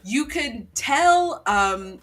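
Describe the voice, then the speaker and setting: A woman co-hosting a casual chat podcast, retelling a story with lots of fillers and acted-out quotes. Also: high voice. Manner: animated storytelling, acting out quotes. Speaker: podcast co-host.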